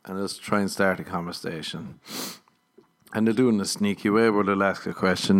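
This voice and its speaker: Low-voiced, profane ranting comedian man. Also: steady tone, a little fast. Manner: profane, exasperated, sarcastic. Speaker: stand-up comedian. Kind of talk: casual ranting monologue.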